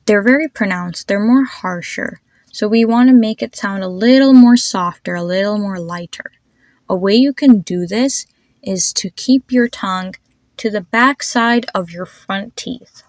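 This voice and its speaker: Woman teaching pronunciation, talks really slow and careful, dry close sound. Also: medium pitch, no room sound. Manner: slow, deliberate, demonstrates sounds and repeats them. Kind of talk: pronunciation lesson.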